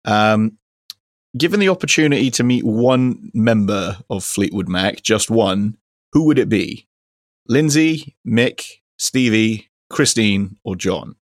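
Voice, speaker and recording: A man's voice: fairly low pitch, animated, slow, no echo. A man hosting a podcast, chatting casually in a dry, teasing way with lots of fillers. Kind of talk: casual chat.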